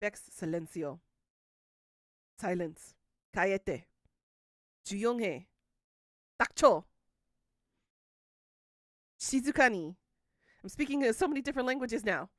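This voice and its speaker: A woman's voice: medium pitch, animated, slow, long pauses, dry recording, studio quality. A woman in her thirties hosting a livestream, chatting casually and teasing her viewers as she answers them. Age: 30s. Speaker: livestream host. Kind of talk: casual chat with live viewers.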